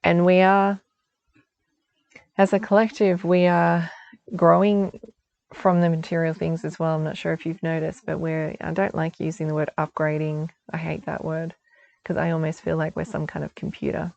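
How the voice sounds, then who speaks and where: A woman's voice: low voice, level tone, moderate pace, gravelly, darkish tone, highs cut off. A woman giving a chatty spiritual guidance talk outdoors, reassuring and laughing often. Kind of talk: casual spiritual forecast talk.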